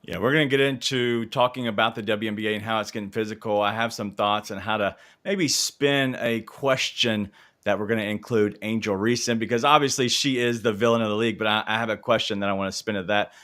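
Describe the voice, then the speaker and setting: A man's voice: fairly low pitch, steady tone, fairly quick, a bit bright. A man from Memphis co-hosting a sports talk show, chatting casually, tossing questions to guests and airing grievances. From Memphis, Tennessee. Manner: conversational, steering questions, aggrieved opinions.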